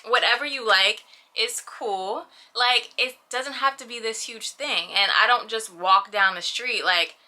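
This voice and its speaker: Bright, chatty young woman vlogger. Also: fairly high pitch, a little slow. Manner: animated, chatty, lots of "you know what I mean". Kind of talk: casual personal vlog.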